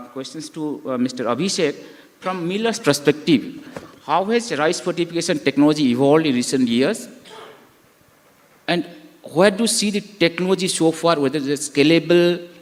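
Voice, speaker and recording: A man moderating a panel, speaking hesitantly and often pausing on filler phrases. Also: a little high. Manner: hesitant, leans on "you know". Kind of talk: panel discussion. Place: conference hall. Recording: reverberant conference hall.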